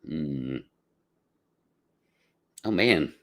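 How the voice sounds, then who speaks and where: A man's voice: low voice, lively intonation, a little slow, fairly bright tone. A man hosting a casual live podcast, chatting with viewers in a rambling, laid-back way with lots of fillers. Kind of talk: casual livestream chat.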